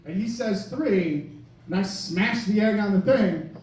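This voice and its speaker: Young stand-up guy from wisconsin, high voice, tons of "like", super echoey club from kinda far off, crowd laughing. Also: expressive, a little slow, a little mellow. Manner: rambling, self-mocking, lots of "like" fillers. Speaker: stand-up comedian. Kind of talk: stand-up storytelling. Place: comedy club stage. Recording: echoey club mic from a distance. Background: audience laughter.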